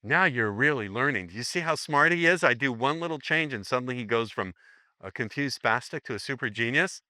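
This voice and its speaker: A man's voice: mid-range voice, animated, a little fast, bright, forceful tone, no room sound. A man teaching a live seminar, joking and rambling as he acts out sample lines for the room. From United States.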